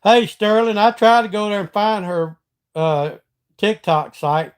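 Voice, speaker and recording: A livestream host, this middle-aged Georgian with a Southern accent speaks in a high, smooth voice, a little slowly. He keeps things casual and folksy, chatting with viewers and reading out and answering their comments.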